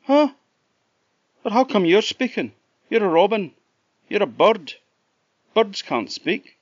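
A man's voice: low voice, very animated, slow, no echo, highs cut off, exaggerated voice. A man with an Orkney Scottish accent playing a naive, hungry young man in a folk tale, earnest and wide-eyed. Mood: astonished. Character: naive young male fool, hungry and amazed.

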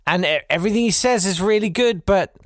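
A man hosting a comedy podcast, delivering a sardonic satirical monologue, swinging between loud bursts and quiet asides. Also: sits high, a little fast, no room sound, clean studio sound.

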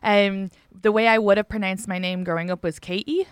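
An Irish woman with a smooth, clear voice and an Irish accent, chatting casually as a podcast host. She tells stories at an easy pace and laughs often. The sound is dry and close. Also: mid-range voice, fairly even intonation, a little fast, no room sound. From Ireland. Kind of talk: casual chat.

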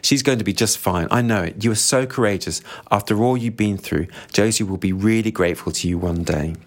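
A man's voice: fairly low pitch, brisk, natural voice. A man voicing a tactless, gushing middle-aged woman who gossips and gets flustered, read from a novel.

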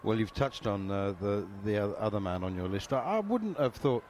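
A man hosting a casual interview, measured and reciting figures with some hesitations. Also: on the low side, expressive, darkish tone, slight background noise. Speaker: host, interviewer.

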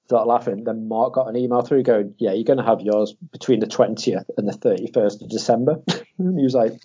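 A young man in casual chat, animated, swearing and laughing as he acts out quotes. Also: medium pitch, fairly quick, breathy edge. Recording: dull lo-fi audio.

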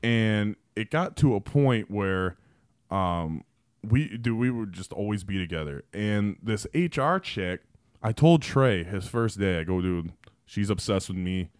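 A man's voice: lowish voice, animated, a little slow, smooth, no echo, studio quality. A man on a podcast telling long, profane workplace stories in a loose, rambling way full of fillers. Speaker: podcast guest. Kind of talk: casual storytelling.

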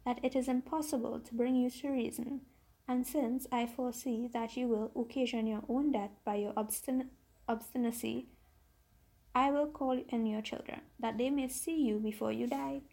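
A woman voicing a troubled, loving male merchant in a storybook reading, with a husky, gravelly voice. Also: a little high, steady tone, normal speed, mellow. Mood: earnest.

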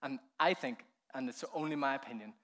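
A man preaching a keynote sermon, telling the story with animated energy, laughing often, sometimes dropping to a hush and then building up with fervor. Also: mid-range voice, fairly quick. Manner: laughs often while speaking. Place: conference hall.

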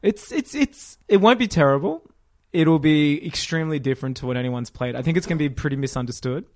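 A man co-hosting a casual games podcast, talking in an animated way, cutting in often and swearing casually. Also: a little high, fairly quick. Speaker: podcast co-host. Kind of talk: casual chat.

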